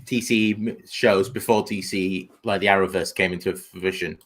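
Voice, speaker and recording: A man's voice: deep voice, steady tone, normal speed, a bit bright. A man hosting a casual group podcast, easygoing and brief as he steers the talk.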